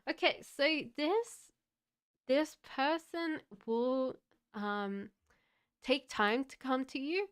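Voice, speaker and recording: Woman tarot reader on a live stream, gentle and halting, unhurried delivery, very clean clear voice. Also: sits high, lively intonation. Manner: gentle, halting, many fillers. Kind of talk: live-streamed card reading.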